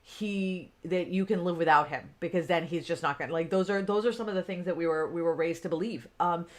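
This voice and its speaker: A woman's voice: lowish voice, fairly quick. A woman in her forties coaching business owners on a livestream. She talks off the cuff, chatty and loose, full of fillers. Now and then she greets viewers by name. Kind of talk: unscripted livestream talk.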